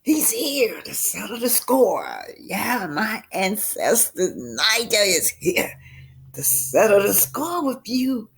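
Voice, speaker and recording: A woman's voice: mid-range voice, sing-song, slow pace, creaky, breathy edge, full character voice. A woman voicing a mocking female passenger who taunts a man about spirits. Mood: taunting. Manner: mocking, laughing.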